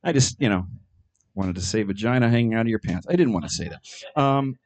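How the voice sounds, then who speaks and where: A middle-aged man doing a stand-up comedy set, delivering absurd jokes in a deadpan way with frequent ums and uhs. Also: lowish voice, brisk.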